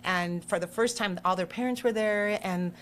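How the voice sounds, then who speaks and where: Animated middle-aged woman telling stories. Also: medium pitch, moderate pace, a little hiss or hum. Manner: animated, acts out quoted voices. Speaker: guest politician. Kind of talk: casual storytelling.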